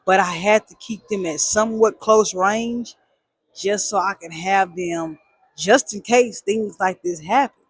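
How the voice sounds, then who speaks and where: Animated woman telling a story, husky voice. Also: medium pitch, unhurried. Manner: animated, emphatic repetition, slangy. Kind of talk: casual personal storytelling.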